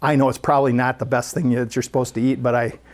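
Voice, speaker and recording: Speaking fast in a mid-range voice, this person relates a story in the course of a sermon at a spiritual center. The delivery is lively and conversational.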